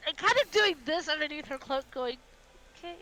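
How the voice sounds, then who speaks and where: A woman playing a tabletop game, talking in a quick, excitable stammer. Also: sits high, rough recording. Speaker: player.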